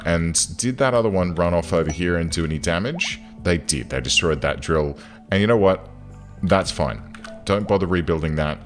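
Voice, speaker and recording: Low-voiced man narrating his gameplay. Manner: chatty, swings into loud exasperated outbursts. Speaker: gaming channel host. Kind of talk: casual gameplay commentary.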